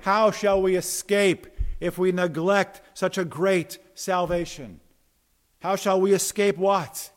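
High-voiced emphatic male preacher. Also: steady tone, slow pace. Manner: emphatic preaching, swinging from loud to hushed; repeats words when restarting. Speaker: pastor. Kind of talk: sermon.

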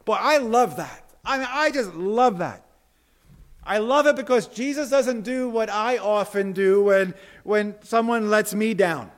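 A man preaching a sermon from the pulpit, his voice sitting high for a man. He delivers with animated energy, acting out quoted lines in bursts and dropping to soft, hushed emphasis. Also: unhurried. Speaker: pastor.

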